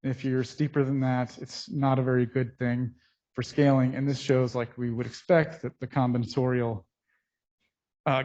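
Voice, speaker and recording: A man giving a conference lecture on his research, speaking in a technical, halting way with frequent pauses, into a microphone. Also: mid-range voice, darkish tone. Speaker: scientist presenting research. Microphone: speaking into a mic. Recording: dull, muffled through a face mask.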